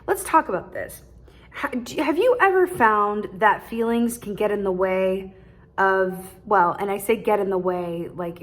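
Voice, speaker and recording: A woman giving a casual tarot reading straight to her viewers, chatty, laughing often and ending many points with "right?". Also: mid-range voice. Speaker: tarot reader.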